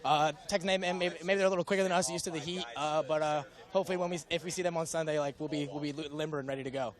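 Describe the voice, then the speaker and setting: A young man, a player, answering post-match questions outdoors in a casual, halting way. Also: a little high, fairly even intonation.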